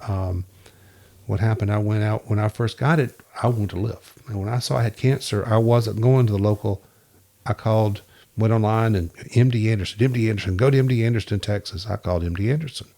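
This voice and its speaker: A man's voice: fairly low pitch, a little fast, gravelly. A man guest on a podcast, telling stories in a casual interview and acting out the voices of people he quotes. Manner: lively storyteller who acts out quoted dialogue.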